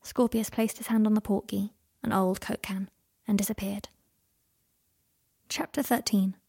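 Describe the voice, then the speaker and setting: Husky-voiced woman reading an audiobook. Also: medium pitch, fairly even intonation, measured pace, mellow, dry recording, clean studio sound. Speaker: narrator. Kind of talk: audiobook narration.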